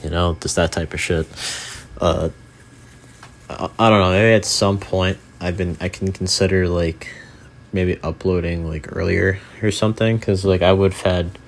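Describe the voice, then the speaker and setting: Young guy with a real low voice rambling thru gameplay commentary, lots of likes and ums, swears a bit. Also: fairly even intonation, unhurried, vocal fry, a little hiss or hum. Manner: rambling, filler-heavy, swears casually. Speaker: gaming channel host.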